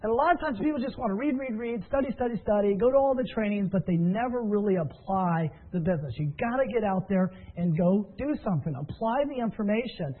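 A fairly high-voiced man tells stories and coaches his listeners in an upbeat, encouraging way. His voice comes through a thin, tinny phone line. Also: expressive, fast, hardly any pauses. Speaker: business trainer. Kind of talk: motivational training talk.

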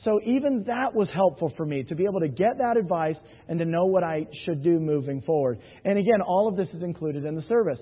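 High-voiced husky man telling stories on stage. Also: expressive, fairly quick, hardly any pauses. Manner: jokey storyteller, keeps asking the crowd "right?". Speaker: sales presenter. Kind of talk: anecdotal sales talk to a live audience. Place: hall with an audience. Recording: tinny, phone-like, with long hall reverb.

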